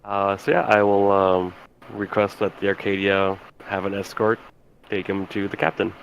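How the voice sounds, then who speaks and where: A man playing his character in a tabletop game, speaking in a calm, measured way. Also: low voice, gravelly, dull audio, a little hiss or hum. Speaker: player.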